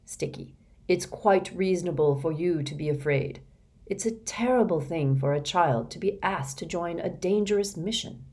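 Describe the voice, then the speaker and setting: A woman reading the part of a kindly, wise older man who speaks gently and formally. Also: low voice, expressive, a little slow. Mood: gentle.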